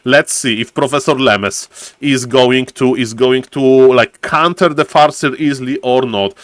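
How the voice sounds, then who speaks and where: A man's voice: mid-range voice, unhurried, a bit bright, dry recording. A man casting a live strategy game on stream, a showy announcer who keeps repeating his catchphrases and greets chat by name. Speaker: esports caster and streamer.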